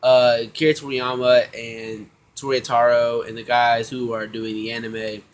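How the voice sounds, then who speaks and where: A man casually recapping an anime episode, slangy and excitable, acting out the characters' lines in quick bits. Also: mid-range voice, a little hiss or hum. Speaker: anime review vlogger.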